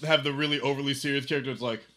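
A man co-hosting a casual movie review chat, throwing in quick wisecracks and jokey asides. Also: mid-range voice, fairly even intonation, bright, forceful tone. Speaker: podcast co-host.

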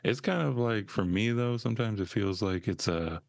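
A man's voice: fairly low pitch, moderate pace, creaky, no echo. A man co-hosting a casual podcast, laid-back and profane, chuckling often. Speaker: co-host.

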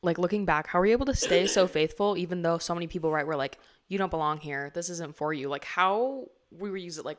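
A young woman hosting a podcast in casual interview chat, talking in a chatty way full of "like". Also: on the low side. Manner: chatty, heavy use of "like", conversational. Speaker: podcast host.

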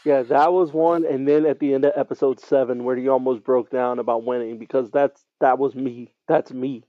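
A man co-hosting a podcast who talks casually in a relaxed way, often trailing off softly. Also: mid-range voice, moderate pace, no echo. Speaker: podcast co-host. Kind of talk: casual chat. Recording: slightly dull, lo-fi.

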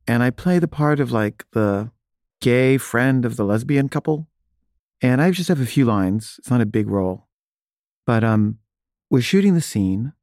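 Man, casual storytelling, self-deprecating, middle pitch, dry close sound. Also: no room sound. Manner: self-deprecating, animated when quoting others. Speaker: filmmaker telling an anecdote.

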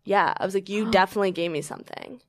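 A woman's voice: medium pitch, very fast, no room sound. A young woman telling a candid story in casual chat, swearing often and laughing as she talks. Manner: profane, laughing, animated storytelling. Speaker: guest telling her story.

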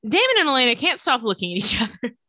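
Fast-talking and fairly high-pitched, this podcast co-host chats casually while retelling a TV episode and performing the characters' quotes with animation. The recording has no echo.

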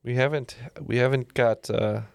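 A man's voice: medium pitch, fairly even intonation, moderate pace, vocal fry, clear, resonant tone, no echo. A man on a casual podcast panel making dry joking remarks, often restarting his sentences.

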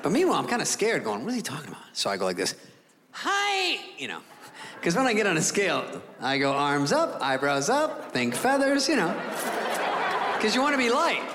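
Animated stand-up comic in a big hall. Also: male voice, high voice, brisk, a little hiss or hum. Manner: animated, mimics voices, sound effects. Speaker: stand-up comedian. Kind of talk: stand-up comedy. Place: comedy stage before an audience. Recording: live in a hall with crowd laughter.

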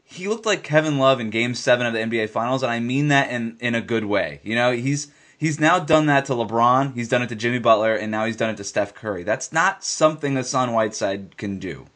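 A man with an ordinary mid-pitched voice talks basketball on a podcast. He argues his case emphatically, circling back to the same lines to stress them. His delivery is casual but insistent. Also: a little fast, hardly any pauses, fairly bright tone. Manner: emphatic, repeats points for stress. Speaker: sports podcast co-host. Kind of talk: casual sports talk.

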